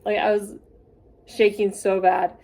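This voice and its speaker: A young woman telling a rambling, gushing story in a casual vlog, excitable and quick to get carried away. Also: medium pitch, creaky. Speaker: vlogger.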